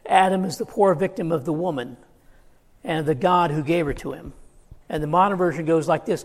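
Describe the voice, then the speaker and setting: High gravelly preacher in a hall. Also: male voice, a little fast. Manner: earnest, emphatic, quoting scripture in acted asides. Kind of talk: sermon.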